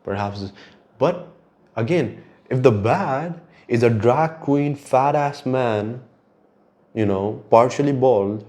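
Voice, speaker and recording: A man's voice: medium pitch, slow, darkish tone. A young man hosting a podcast, talking in a reflective, rambling monologue and swearing casually. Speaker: podcast host.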